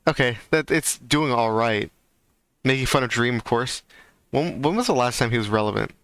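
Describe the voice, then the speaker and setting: Brief: male streamer, mid-pitched, smooth clear voice, loose ranting delivery. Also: moderate pace, a bit bright, no echo. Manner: rambling, ranting, heavy fillers. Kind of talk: casual livestream chat.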